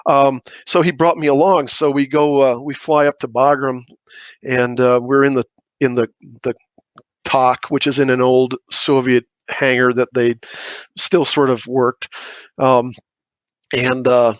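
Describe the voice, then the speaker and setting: A man's voice: medium pitch, flat delivery, a little slow, no echo. A middle-aged man telling war stories as a podcast guest, rambling through restarts and asides. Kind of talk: casual storytelling.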